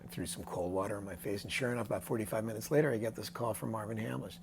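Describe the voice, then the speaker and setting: A man in his sixties, a songwriter guest telling a story in a casual interview, animated and acting out the voices of people he quotes. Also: fairly low pitch, very fast, creaky, slight background noise. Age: 60s.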